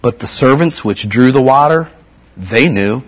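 A man's voice: medium pitch, expressive, measured pace. A middle-aged man giving a casual, folksy sermon as a pastor, full of slang and repeated asides.

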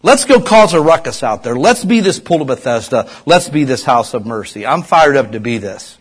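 A middle-aged pastor from Ohio delivers a lively sermon, pushing hard on his exhortations and dropping low for quiet asides. His voice is husky, sitting at an ordinary pitch for a man. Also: moderate pace. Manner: animated preaching, swinging from loud urging to hushed asides.

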